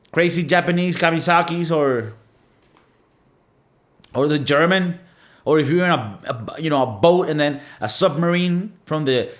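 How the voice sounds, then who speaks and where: Blunt, cussing man from Venezuela. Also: fairly high pitch. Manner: blunt, profane, emphatic with lots of fillers. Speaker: podcast host. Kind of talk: casual monologue.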